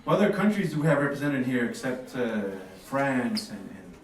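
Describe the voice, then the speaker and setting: A man's voice: mid-range voice, big pitch swings, moderate pace. Man doing stand-up, far off. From Sweden. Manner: loose, chatty, laughs at his own jokes. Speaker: stand-up comedian. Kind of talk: stand-up comedy set. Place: small café stage. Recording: roomy café recording from far off.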